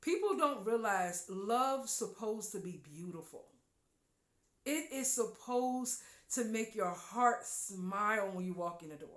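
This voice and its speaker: A woman hosting a podcast, giving an emphatic, preachy spiritual talk with loud exclamations. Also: medium pitch, animated, unhurried, reverberant. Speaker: podcast host.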